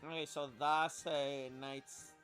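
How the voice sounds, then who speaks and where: Male gamer doing let's-play commentary, loud reactions, lots of cursing, slightly high voice. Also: takes it slowly, soft background music. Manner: excitable, swears a lot. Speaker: gaming streamer.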